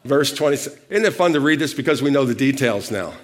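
A male pastor delivering a lively sermon, asking questions of the congregation and prompting them to answer. He grows louder for key points and drops quieter for asides. His voice sits at an ordinary middle pitch for a man. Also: fast. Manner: lively preaching with call-and-response questions; animated, shifts loudness for emphasis.

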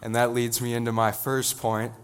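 A teenage boy preaching a sermon in an earnest, halting way, with many restarts. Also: mid-range voice, little pitch movement, clean tone. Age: teens. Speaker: student preacher.

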